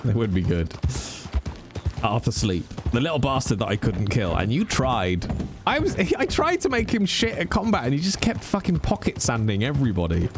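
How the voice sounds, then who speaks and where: A man streaming, chatting casually in a rambling way and swearing freely. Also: mid-range voice. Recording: music playing behind.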